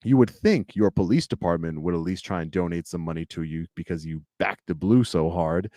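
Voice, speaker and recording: A man's voice: low-pitched, a little fast, mellow, no echo, clean studio sound. A man from Long Island, hosting a commentary video in a sarcastic, lecturing way. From Long Island, New York. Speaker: channel host.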